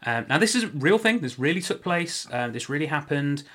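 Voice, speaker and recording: A man's voice: a little high, sing-song, a little fast, fairly bright tone. A man hosting a casual history podcast, talking loosely with joking asides and frequent self-corrections. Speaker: podcast host.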